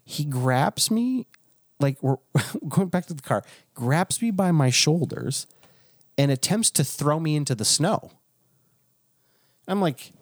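A man's voice: fairly high pitch, sing-song, unhurried, no room sound, studio quality. A man who is a pastor, telling a story in casual chat with restarts and frequent chuckles.

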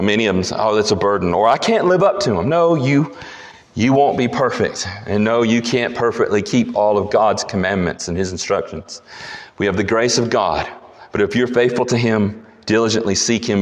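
A male pastor preaching a sermon, emphatic and building to repeated declarations. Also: fairly low pitch. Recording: long hall reverb.

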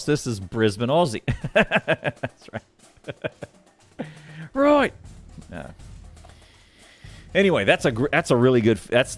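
A man guest-hosting a casual podcast chat, thinking aloud and rambling with frequent restarts. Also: on the low side. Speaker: guest host.

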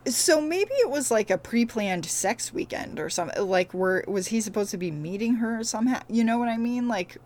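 A woman's voice: a little high, lively intonation, normal speed, few pauses, a little mellow. A woman co-hosting a casual podcast chat about a TV show, chatty and full of fillers and self-corrections. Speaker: podcast co-host. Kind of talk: casual chat recapping a TV episode.

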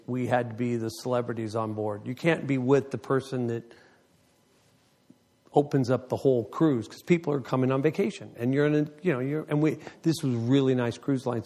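A man's voice: mid-range voice, a little mellow. A man telling a long, rambling story to a group in a casual, joking way, slipping into voices for the people in it.

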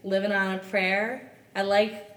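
A woman who is a guest on a podcast, chatting casually in a relaxed, easygoing way. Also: mid-range voice, a little slow, far from the mic. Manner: relaxed, easygoing, laughs readily. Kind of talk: casual chat. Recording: roomy, off-mic with faint noise.

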